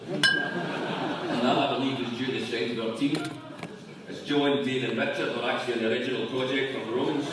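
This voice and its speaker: A man giving a deadpan, joke-filled after-dinner speech. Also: mid-range voice, noisy background. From Scotland. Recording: echoey room from far off. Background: audience laughter.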